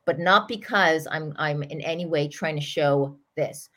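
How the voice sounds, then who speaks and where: A middle-aged woman, a parenting coach, talking through an example in an earnest, animated way as a podcast guest. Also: low-pitched, unhurried. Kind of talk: storytelling explanation in an interview.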